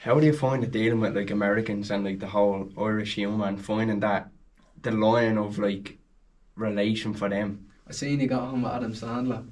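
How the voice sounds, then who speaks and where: A man's voice: on the low side, steady tone, a little fast, a little mellow, distant mic. A man hosting a casual podcast, asking short questions of his guest. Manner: brief questions and backchannels. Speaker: podcast host.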